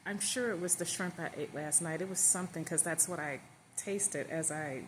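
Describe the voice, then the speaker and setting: A woman's voice: lowish voice, normal speed, background noise, natural voice. A woman voicing Tasha, an adult wife who talks in a sugary, reassuring way. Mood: sweet.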